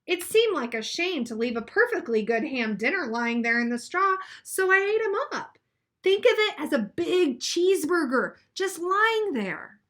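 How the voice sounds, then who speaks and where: A woman reading aloud as a sly, smooth-talking male wolf telling his side of a storybook tale. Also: high-pitched, very animated, moderate pace, a bit bright, pitched above the performer's own voice. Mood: wry.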